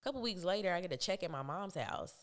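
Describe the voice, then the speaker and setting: A woman's voice: on the low side, quick pace. Chatty young woman telling her story. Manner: animated, laughs often, acts out quoted voices. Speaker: podcast guest. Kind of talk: casual storytelling.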